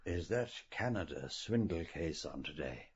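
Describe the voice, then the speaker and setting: A man voicing a quiet, listless male lawyer who murmurs. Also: deep voice, animated, unhurried, husky, highs cut off, heavily acted. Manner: subdued, murmuring.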